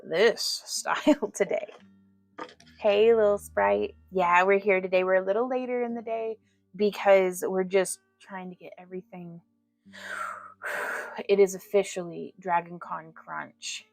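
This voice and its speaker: Woman host, casual crafting stream, gravelly tone, dry close sound, soft guitar behind. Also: medium pitch, steady tone, a little slow, dry recording. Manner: chatty, laughs often, coos baby talk at her cat. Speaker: jewelry maker hosting a livestream. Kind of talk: casual crafting livestream chat. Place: small home craft room.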